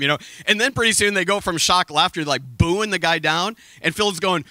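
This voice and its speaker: A man preaching a sermon from a stage, telling a story with lively, acted-out quotes. He says he is sweating up here. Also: high-pitched, a little fast, hardly any pauses, no echo. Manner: animated storytelling, acting out quoted voices. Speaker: pastor. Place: stage before a congregation.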